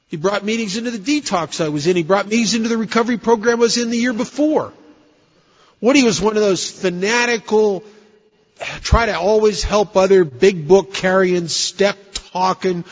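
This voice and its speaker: A man tells his recovery story to a room in a blunt, self-mocking, conversational way. His voice sits high for a man. The recording is dull and lo-fi, with a long reverb from a big meeting hall. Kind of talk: personal recovery story told to an audience.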